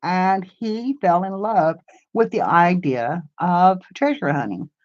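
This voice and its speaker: An older woman who hosts a crafts channel chats casually on a live stream, rambling in a homey way as she answers viewers' comments. Her voice is lowish with lively intonation, and she speaks slowly. The camera mic gives it a lo-fi sound.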